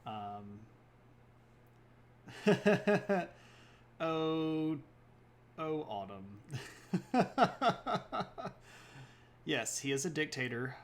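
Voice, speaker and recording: Taking it slowly in a mid-range voice, this history livestream host wanders through his material, catching and fixing his own slips. He pauses between points to chat casually with his viewers.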